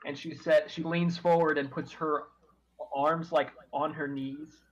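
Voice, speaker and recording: A man narrating as game master of a tabletop game, unhurried and descriptive, with some fillers. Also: on the high side, flat delivery, muffled recording, crowd noise.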